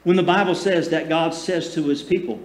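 High-voiced preaching man in an echoey church. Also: fairly even intonation. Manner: preaching with calls for audience response; swings between loud emphasis and soft, slow passages. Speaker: pastor. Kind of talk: sermon. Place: church sanctuary. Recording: echoey room.

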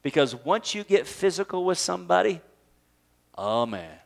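High-voiced joking preacher. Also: male voice, very animated, normal speed, gravelly. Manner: conversational, joking, laughs often, rhetorical questions. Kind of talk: sermon.

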